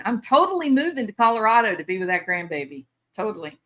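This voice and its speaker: A woman's voice: a little high, sing-song, quick pace, fairly bright tone. A chatty, bubbly older woman, hosting a casual live stream and laughing often. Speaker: livestream host.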